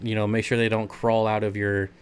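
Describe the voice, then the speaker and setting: Smooth-voiced chatty male stream host. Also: fairly low pitch, little pitch movement, brisk. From United States. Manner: chatty, rambling, reads and answers chat comments. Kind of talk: casual live stream Q&A.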